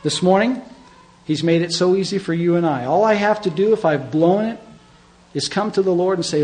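A man's voice: sits high, moderate pace, a little mellow, low-quality recording. A middle-aged man preaching a sermon as pastor, conversational and emphatic, often asking his listeners questions.

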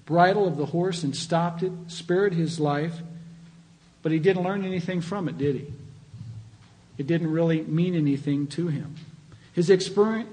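A man's voice: a little high, darkish tone, low-quality recording. A man preaching a sermon as pastor, earnest and conversational, rising in emphasis on key points.

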